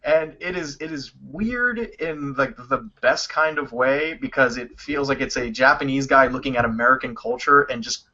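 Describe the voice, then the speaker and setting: A man co-hosting a casual video game chat, telling stories quickly with lots of swearing. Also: medium pitch. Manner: animated, profane, quick storytelling. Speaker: podcast co-host. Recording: dull lo-fi sound.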